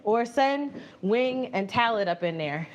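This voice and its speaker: A woman hosting a live stream, chatting casually with viewers while walking on a treadmill, animated and often laughing. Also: on the high side, a little slow, dull audio, a little hiss or hum. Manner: animated, laughing, reads viewer messages aloud and answers them. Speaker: livestream host reading chat. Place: home, indoors on a treadmill.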